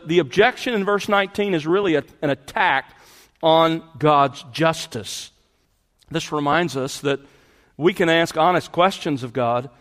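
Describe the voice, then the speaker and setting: A pastor with a slightly high, fairly bright voice delivers an expository, verse-by-verse sermon, stressing key words and repeating phrases for emphasis. A long reverb tail trails his speech.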